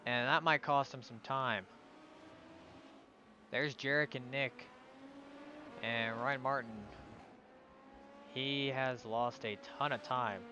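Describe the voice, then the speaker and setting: A man commentates a simulated race with a bright, forward voice, running through the field and battles. Faint car engine noise hums under his talk. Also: mid-range voice, steady tone, slow, long pauses, muffled recording. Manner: calling positions, hesitant on names. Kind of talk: live sim-racing commentary.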